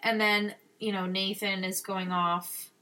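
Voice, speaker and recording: A woman's voice: mid-range voice, level tone, measured pace, sharp tone, distant mic. A woman co-hosting a podcast, chatting casually as she recaps a TV episode and gushes over the scenes. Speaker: podcast co-host. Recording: voice sits back from the mic.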